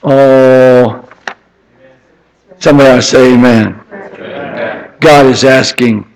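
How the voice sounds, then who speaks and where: An older man preaching an impassioned sermon, climbing to high emphatic peaks and then dropping into soft, tender storytelling. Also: steady tone, slow pace, long pauses, poor audio.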